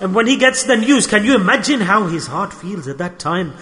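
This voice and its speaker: A man's voice: sits high, sing-song, fairly quick, bright, forceful tone. Impassioned preacher man in a reverberant hall. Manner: impassioned, repetitive, acts out quoted voices. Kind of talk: sermon.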